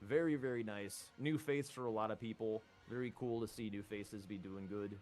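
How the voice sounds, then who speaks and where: Low-voiced man calling the action. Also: normal speed. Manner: calls the action, relaxed asides. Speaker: commentator. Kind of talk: play-by-play commentary.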